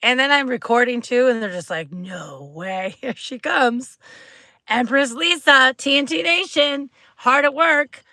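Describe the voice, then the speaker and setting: Speaking a little slowly but with hardly any pauses, a woman with a sharp tone hosts a casual livestream from her parked car, phone held close. She's chatty and bubbly and puts on squeaky voices for quotes. No room sound is audible.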